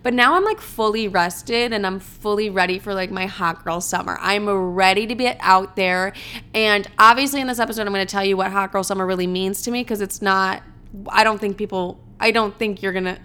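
On her solo podcast, a young woman talks in a casual, dramatic way, swearing often and leaning heavily on "like." She speaks briskly in a medium-pitched voice with a sharp yet smooth tone.

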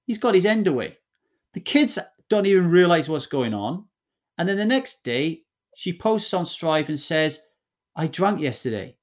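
A man's voice: high-pitched, sing-song, normal speed. A middle-aged man telling a candid personal story as a guest, talking bluntly and emphatically with swearing and frequent restarts.

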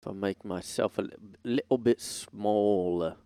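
A man's voice: on the low side, measured pace, warm tone, smooth, no echo. A man hosting a solo podcast from his room, rambling and joking with lots of fillers and self-deprecating asides. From United States. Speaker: podcast host. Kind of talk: casual rambling solo chat. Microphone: streaming setup microphone.

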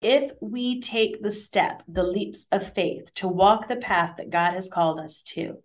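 Brief: middle-aged woman, co-host, animated testimony style, mid-pitched. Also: measured pace. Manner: animated, encouraging storyteller. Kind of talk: casual faith chat and personal story.

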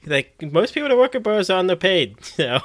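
A man's voice: high voice, big pitch swings, brisk, no echo. A man co-hosting a podcast, cutting in with joking remarks in casual chat. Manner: joking interjections. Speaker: podcast co-host.

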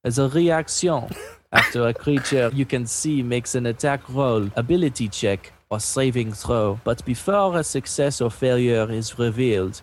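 A man's voice: medium pitch, a little hiss or hum, close to an everyday voice. A man putting on a mock French accent while reading out game rules.

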